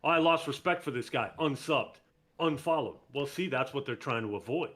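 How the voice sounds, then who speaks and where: A man's voice: mid-range voice, a little fast, a bit bright. A man in casual podcast chat, explaining his view persuasively with rhetorical questions.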